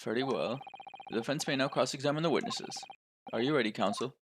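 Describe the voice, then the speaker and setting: A man voicing a stern, formal male judge in a courtroom game, measured and deliberate. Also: mid-range voice, background noise, natural voice.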